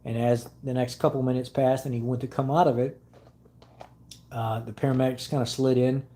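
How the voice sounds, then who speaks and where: A man's voice: medium pitch, flat delivery, a little fast, dark tone, rough recording. A man hosting a car channel, chatting casually with viewers and telling stories earnestly, hesitating often with many fillers. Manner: earnest storytelling.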